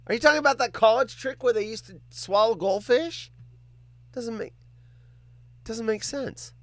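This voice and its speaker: A man hosting a casual livestream, reading viewer comments out loud, joking around and swearing freely. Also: extremely high pitch, normal speed, no room sound. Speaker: livestream host.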